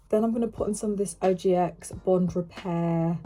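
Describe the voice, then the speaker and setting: A woman's voice: lowish voice, steady tone, moderate pace, mellow. Chatty woman vlogging at home. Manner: chatty and upbeat, talks to camera. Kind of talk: casual vlog chat. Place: home, indoors.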